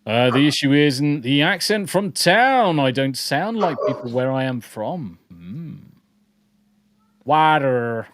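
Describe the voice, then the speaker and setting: A man from the English Midlands co-hosts a podcast, his accent a mix of regions with a southern edge. He chats casually and jokes as he reads live comments aloud, repeating words as he rambles. His voice sits at a middling pitch and sounds close and dry. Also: lively intonation, measured pace, few pauses, fairly bright tone, no echo. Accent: mixed English, partly southern. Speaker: podcast co-host.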